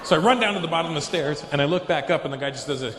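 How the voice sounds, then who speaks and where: A man doing stand-up comedy on a large arena stage, telling a story with lively acted-out dialogue and frequent swearing. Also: fairly high pitch, racing, noisy background. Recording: echoey arena recording.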